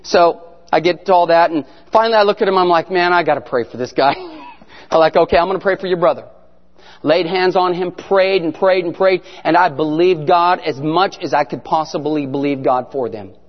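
A man giving an animated testimony sermon as a guest speaker, telling his story and sometimes shouting prayers. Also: on the high side, normal speed. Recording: echoey hall, muffled sound.

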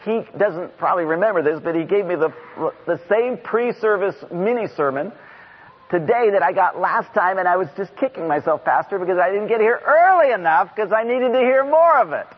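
A high-pitched, husky-voiced middle-aged man preaching with passion from a church pulpit, his words climbing into near-shouts. The recording is dull and lo-fi, with a long reverb tail trailing off the sanctuary walls. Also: animated, a little fast. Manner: impassioned, rising to shouts. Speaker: guest preacher. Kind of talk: sermon. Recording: dull lo-fi sound in a reverberant hall.

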